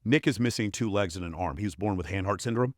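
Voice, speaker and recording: Blunt, profane man with a low voice. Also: quick pace, no room sound, studio quality. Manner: blunt, profane, emphatic storytelling. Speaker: performance coach, podcast guest. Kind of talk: casual interview chat.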